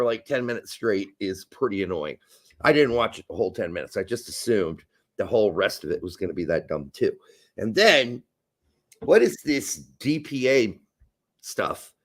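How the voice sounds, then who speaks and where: Animated, ranting male podcast co-host. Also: on the low side, normal speed. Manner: animated ranting, swears freely. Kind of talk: crude casual podcast banter.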